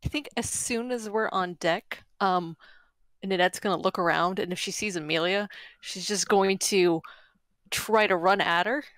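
A woman's voice: mid-range voice, a little slow, a bit bright, dry recording. A woman playing a tabletop role-playing game who describes her character's action in a plain, matter-of-fact way. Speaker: player.

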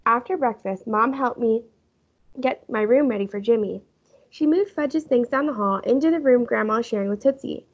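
A woman teacher reading a children's chapter book aloud in a lively storytelling manner. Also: on the high side, normal speed, husky. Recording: muffled lo-fi recording.

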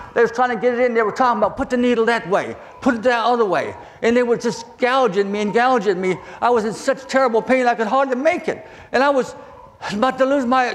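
An older man from southern Virginia with a Southern accent, preaching a testimony sermon in a halting, folksy way that repeats words. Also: high-pitched, slight background noise. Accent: Southern American. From southern Virginia, USA.

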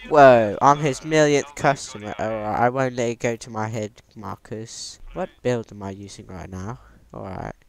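A man's voice: on the low side, normal speed, gravelly, hardly any pauses. A man giving casual, joking commentary over gameplay and bantering with a friend. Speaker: gaming video creator.

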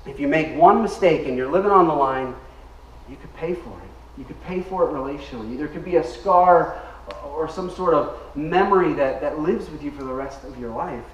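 A pastor with a slightly high male voice preaches emphatically at normal speed, leading the congregation in call-and-response as they repeat his words. The audio is dull, with slight background noise, captured by a distant mic in an echoey church sanctuary.

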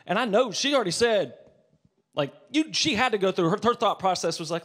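Stand-up comic ranting, then muttering. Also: male voice, high-pitched, expressive, a little fast. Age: 40s. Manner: storytelling, swings from muttered asides to loud rants. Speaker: stand-up comedian. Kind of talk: stand-up comedy set.

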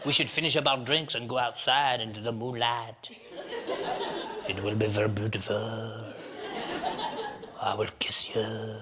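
A man voicing a suave, dreamy bar-goer, soft and seductive. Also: fairly low pitch, level tone, a little slow, long pauses, very noisy, voice pushed down, natural voice. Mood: languid, seductive. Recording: live club audience laughter.

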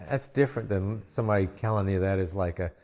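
A man's voice: low voice, fast talker, a little mellow, big-room sound. A man in casual conversation who mostly gives brief agreeing responses.

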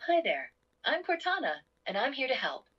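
A friendly computer assistant. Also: female voice, high voice, wildly swooping pitch, normal speed, dull audio. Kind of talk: recorded voice prompt.

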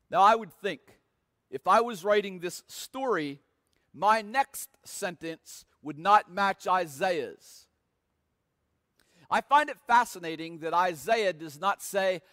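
A man preaches slowly and deliberately, his voice sitting high for a man. He leans hard into dramatic, emphatic readings of scripture. The sound carries a long reverb, as in a church sanctuary. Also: fairly bright tone, clean studio sound. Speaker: pastor. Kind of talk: sermon.

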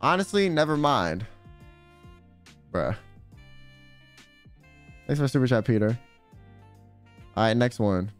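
A man's voice: medium pitch, big pitch swings, slow, long pauses, clear, resonant tone, soft background music. A man streaming in a casual chat, rambling and swearing freely, full of filler words. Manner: rambling, profane, full of "like" and "you know".

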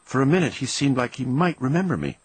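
Animated male storybook reader. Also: mid-range voice, fast, breathy edge, no room sound. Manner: expressive, animated reading. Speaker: audiobook narrator. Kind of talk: first-person storybook narration.

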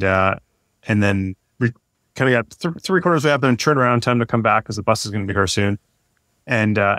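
A man's voice: on the low side, no room sound, studio quality. A man in his forties, a podcast guest telling a story casually, rambling with many fillers and restarts. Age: 40s. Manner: rambling, lots of fillers and restarts, lively when retelling.

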